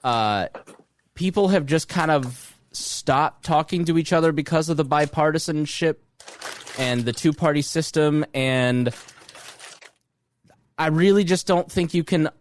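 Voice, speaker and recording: Guy co-hosting a podcast, kinda high voice, rambles and swears, dry close mic. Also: no echo. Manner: rambling, animated, swears freely. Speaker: podcast co-host. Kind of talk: casual chat.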